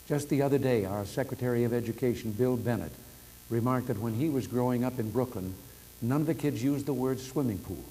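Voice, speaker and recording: A man in his seventies delivering a formal speech by telephone, telling anecdotes in a folksy storytelling manner with gentle humor. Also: medium pitch, poor audio. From United States. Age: 70s. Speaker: president giving remarks. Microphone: telephone hookup. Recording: archival telephone speech with faint noise.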